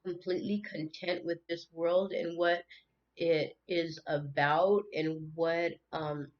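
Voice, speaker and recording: A woman's voice: on the low side, fairly even intonation, takes it slowly, highs cut off. A woman talking earnestly and emotionally in an unscripted spiritual monologue, often repeating words as she goes. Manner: earnest, repeats words and restarts, tearful at times. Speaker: spiritual tarot channel host.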